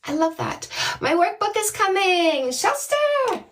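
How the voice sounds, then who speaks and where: A middle-aged woman with a high voice gives dating advice on a livestream. She talks in an unhurried, playful way and greets her viewers by name. Her voice sounds a little distant from the mic. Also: lively intonation, a little hiss or hum. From Canada. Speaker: dating coach.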